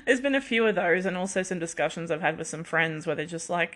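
A woman's voice: lowish voice, lively intonation, moderate pace, a bit bright. A young adult woman hosting a podcast on her own, rambling in casual chat and laughing at herself often. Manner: rambling, chatty, self-deprecating, laughs often. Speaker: podcast host.

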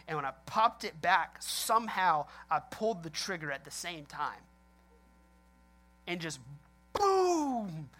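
A male pastor delivering a sermon with lively, animated storytelling. He laughs often and acts out people's reactions as he speaks. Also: high-pitched.

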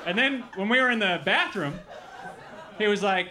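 A man from Milwaukee performing a stand-up comedy set, telling stories with animated acted-out quotes. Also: sits high, normal speed, noisy background. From Milwaukee, Wisconsin. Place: comedy club with live audience.

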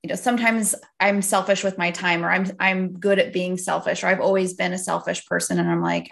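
A woman's voice: on the low side, steady tone, moderate pace, vocal fry, a bit bright. A middle-aged woman hosting a podcast who chats casually and tells stories about her own life. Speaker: podcast host.

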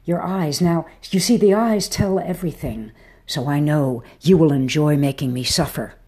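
A woman voicing a frail old man who pleads in a husky, dark whisper. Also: deep voice, full character voice. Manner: pleading, insistent. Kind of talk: audiobook character reading.

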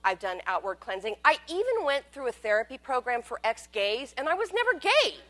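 Animated wry woman telling her story. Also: high voice, brisk. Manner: wry and candid, swinging between loud bursts and hushed asides. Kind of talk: personal storytelling monologue.

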